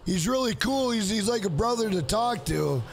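A man's voice: high voice, lively intonation, moderate pace, gravelly, a little hiss or hum. A man live-streaming a video game, chatting casually with his viewers, thanking them by name and calling them "bro" again and again. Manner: talks straight to chat, repeats "bro" often.

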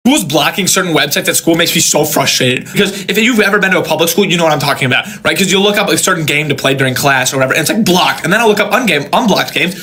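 High, bright young man ranting quickly. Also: animated. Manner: exasperated, quick ranting delivery. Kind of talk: casual rant to camera.

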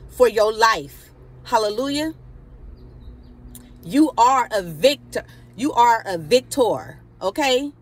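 A woman with a slightly high voice preaches live into her phone, fervent and exhorting. She peppers every thought with hallelujah and talks in a loose, casual way. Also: a bit bright. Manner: fervent, repeating hallelujah, casual Southern-style speech. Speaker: preacher on a Facebook live stream. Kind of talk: spontaneous live-stream preaching.

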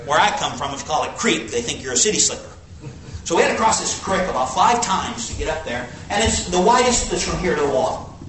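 A man preaches with a high, lively voice that leaps between hushed low asides and bright exclaims, spinning a folksy story. He sounds far from the mic, and the big church hall rings around him with a faint hiss underneath. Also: fairly quick. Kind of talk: sermon with storytelling.

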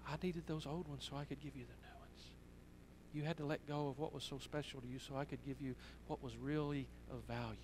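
A man voicing a loving father who speaks quietly and tenderly to his young daughter. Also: on the high side, moderate pace, noisy background, close to an everyday voice. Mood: moved.

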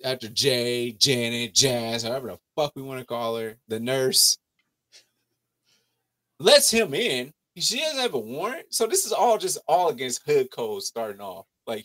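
A man hosting a casual TV review chat, animated, profane and mocking as he riffs on the episode. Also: mid-range voice. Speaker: TV show review podcast host.

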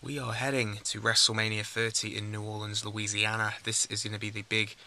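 A young man, vlogging casually about his trip and getting loud and excited when he meets his friends. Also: fairly low pitch, a little fast. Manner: chatty, gets excited and shouty with friends. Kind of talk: casual travel vlog. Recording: noisy handheld camera audio.

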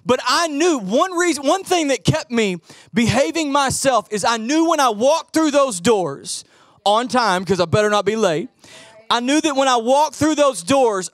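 A middle-aged man preaching a sermon as pastor, telling animated stories and acting out the voices in them. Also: very high-pitched, dry recording, studio quality. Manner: animated storytelling, acts out quoted voices.

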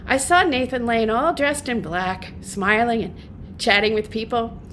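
A middle-aged woman and folk singer, a guest, telling a humorous story in a lively, self-mocking way, often laughing. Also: a little high, unhurried, a little hiss or hum.

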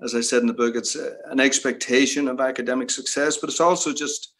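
A man's voice: medium pitch, steady tone, fast, a bit bright. A middle-aged man, a guest in an interview on a video call, talking reflectively with many "you know" asides. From Northern Ireland. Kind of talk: reminiscing interview talk.

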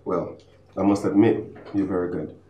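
A low-voiced, easygoing man back home and full of plans, as an actor plays him. He sounds a little far from the mic in an echoey room. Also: steady tone, moderate pace, mellow, a little hiss or hum, natural voice. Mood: businesslike. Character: friend returned home, starting a business.

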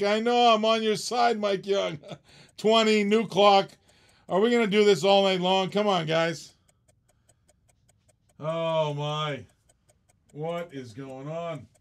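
A man's voice: sits high, clean tone. A man hosting a live-stream auction in casual chat, laughing often and teasing the bidders.

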